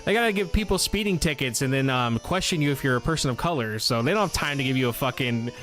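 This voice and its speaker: A man's voice: mid-range voice, lively intonation, fast, fairly bright tone, soft background music. A young man streaming a game, chatting casually and telling a long, profane, rambling story to his viewers. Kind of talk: casual live-stream chat over gameplay.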